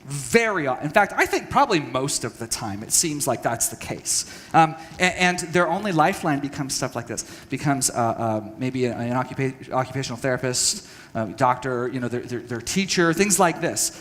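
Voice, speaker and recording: A man giving an earnest, halting talk to a church audience, telling a personal story and acting out conversations. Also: medium pitch, animated, fairly bright tone, long reverb tail. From United States. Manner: earnest, halting with restarts, acts out dialogue. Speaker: speaker at a church training session. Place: church hall.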